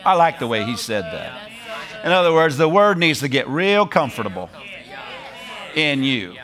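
A middle-aged man preaches an animated sermon, repeating phrases and laughing as he drives his points home. His voice is on the high side, at normal speed.

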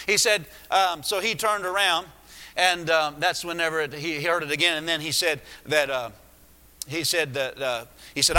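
A man's voice: fairly high pitch, moderate pace, sharp tone. A man preaching a sermon, retelling a story with many restarts and asides. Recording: echoey hall.

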